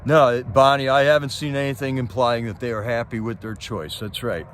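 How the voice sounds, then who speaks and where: This man speaks in a steady, mid-range voice at normal speed over slight background noise. Hosting a livestream, he answers his chat while delivering a casual but heated political rant packed with rhetorical questions.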